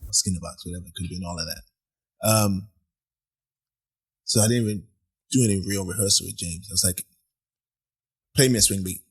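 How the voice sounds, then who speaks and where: Husky-voiced man telling animated stories. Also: low-pitched, brisk, pauses often. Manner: animated storyteller, acts out quoted voices, laughs often. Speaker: podcast guest, musician. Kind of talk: casual storytelling chat. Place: apartment.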